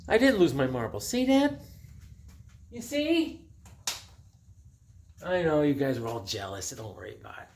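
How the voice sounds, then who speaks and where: A middle-aged man chatting casually and excitedly at home as he shows off his flea market comic finds. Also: medium pitch, fast, vocal fry, few pauses, a little hiss or hum. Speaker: comic collector vlogger. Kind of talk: casual show-and-tell vlog.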